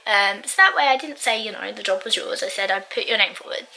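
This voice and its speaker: A woman's voice: mid-range voice, quick pace, few pauses, pushed and bright, slight background noise, poor audio. A young woman chatting casually to camera in her bedroom, rambling with lots of ums and small laughs. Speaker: vlogger. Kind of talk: casual chat vlog.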